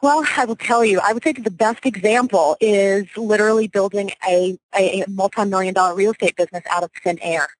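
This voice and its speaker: A woman's voice: mid-range voice, brisk, hardly any pauses, no room sound, rough recording. A woman in her forties from Louisiana, a real estate broker, talking confidently and energetically as a guest in a radio interview.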